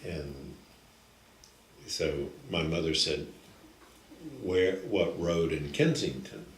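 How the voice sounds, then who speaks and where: An older man telling personal stories slowly and haltingly, often restarting his sentences. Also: rumbling low, slight background noise. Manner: slow, halting, with frequent restarts. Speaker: guest storyteller. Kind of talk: recorded personal storytelling. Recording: echoey room, distant mic, faint ambience.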